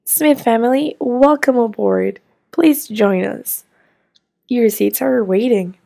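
A woman's voice: on the high side, slow, creaky, warm tone, full character voice. A woman voicing a polite, helpful flight attendant in a toy-play story, with a courteous, service-like manner.

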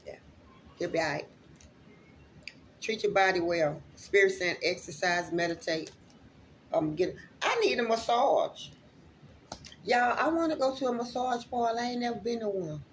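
A woman with a mid-range voice gives a loose, heartfelt spiritual reading to her viewers, her intonation lively and her pace moderate with frequent pauses. Chatty and openly emotional, she swears freely while speaking straight to her audience. Slight background noise is audible.

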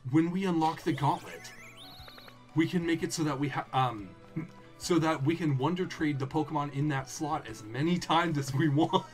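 A man giving casual gaming commentary as a let's play co-host, excitable and laughing often. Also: on the high side, moderate pace, soft background music.

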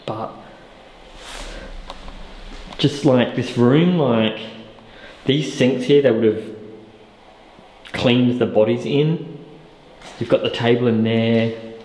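A man's voice: mid-range voice, slow pace, pauses often, a little mellow. A man talking casually to the camera in a vlog, chatty and easily spooked, using lots of filler words. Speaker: co-host of a ghost-hunting channel. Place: inside an empty old hospital building. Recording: echoey, reverberant room with faint noise.

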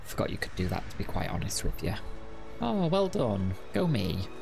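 A man's voice: on the low side, sing-song, normal speed, vocal fry, music in the background. A man giving casual, wry let's-play commentary and chatting to the game. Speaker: gaming video host.

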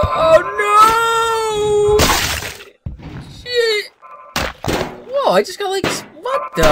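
Young male let's-player, high-pitched and very lively, shouty excitable commentary over audible game noise. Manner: yelps, shouts and laughs, swears often. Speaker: gaming YouTuber.

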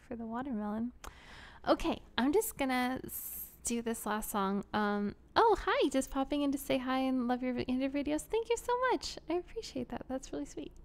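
Giggly young woman with vocal fry. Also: a little high. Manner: giggly, rambling, with soft whispery asides. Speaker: audio creator hosting a live Q&A. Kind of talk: casual livestream chat.

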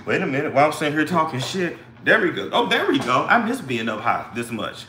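Coughing, profane gossip host. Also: male voice, a little high, very animated, fast, bright, forceful tone, slight background noise. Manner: blunt and profane, with slang. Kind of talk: casual gossip livestream. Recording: echoey room.

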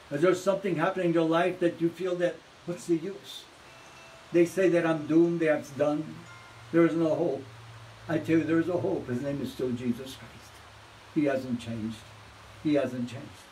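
A man preaching a sermon as pastor, swinging from hushed storytelling to loud, fervent exhortation. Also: on the high side, recorded from a distance, slight background noise, low-quality recording.

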